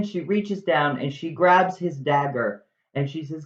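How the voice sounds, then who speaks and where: A man retelling a story casually, with wry, jokey asides and an unhurried pace. His voice sounds roomy and a little muffled. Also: fairly high pitch. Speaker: video host. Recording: roomy, slightly dull recording.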